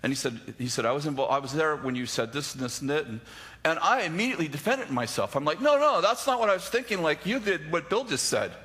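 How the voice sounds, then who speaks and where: Bright-voiced man telling a funny sermon story. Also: fairly high pitch, animated, fast talker. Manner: anecdotal, self-deprecating, acts out dialogue, many restarts. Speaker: pastor.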